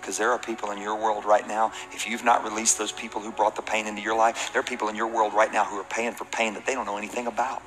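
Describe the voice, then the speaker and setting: A man's voice: on the low side, flat delivery, fast, few pauses, fairly bright tone, soft background music. A man pastoring a church, preaching a sermon to his congregation with emphatic, rising peaks. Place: large hall with congregation. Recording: reverberant hall.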